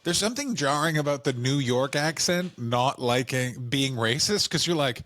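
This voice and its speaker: A man's voice: mid-range voice, lively intonation, normal speed, hardly any pauses, a bit bright, no echo. A man co-hosting a comedy podcast, chatting loosely and joking, often slipping into silly put-on voices. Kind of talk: casual comedic chat.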